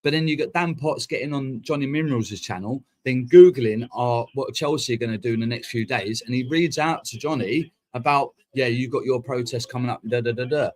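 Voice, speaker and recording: A man's voice: medium pitch, darkish tone. Sweary man ranting live. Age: 40s. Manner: heated, sweary, rapid-fire ranting. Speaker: fan channel host. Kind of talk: casual live-stream rant. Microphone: streaming mic.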